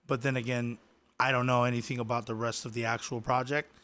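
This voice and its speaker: Casting: man, mid-pitched voice, loose rambling co-host who chuckles through his stories. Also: level tone, brisk, fairly bright tone. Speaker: podcast co-host. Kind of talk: casual chat.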